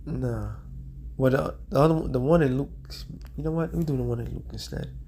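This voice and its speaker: A man delivers a street sermon in a medium-pitched voice. He draws out the scripture he reads, then switches to casual slang and keeps checking in with "all right?". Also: gravelly, dark tone, slight background noise. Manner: reads scripture in a slowed, drawn-out cadence. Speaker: preacher.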